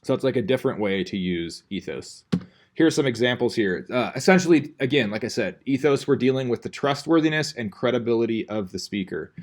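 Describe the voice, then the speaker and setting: A man's voice: medium pitch, animated, fairly quick. A male teacher giving a casual classroom lecture, rambling and conversational, full of fillers and restarts.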